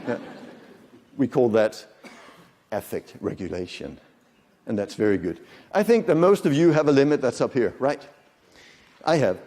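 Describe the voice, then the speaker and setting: A man's voice: mid-range voice, sing-song, normal speed, pauses often, mellow. A man in his fifties giving a live conference lecture, talking conversationally with jokes and questions for the audience. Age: 50s. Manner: conversational, joking, quizzes the audience. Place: large conference hall. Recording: long hall reverb from the lecture room.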